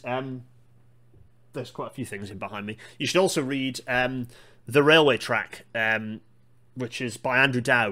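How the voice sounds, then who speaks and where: Male podcast host, casual rambling monologue, mid pitch, enthusiastic myth-buster. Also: sharp tone. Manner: digressive, myth-busting, enthusiastic asides. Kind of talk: casual solo monologue on railway history.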